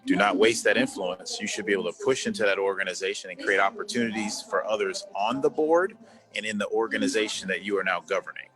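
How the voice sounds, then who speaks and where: A quick-talking man in his fifties with a fairly low voice appears as a guest in a conversational interview via video call. Once an executive, he speaks earnestly and stresses points by repeating words.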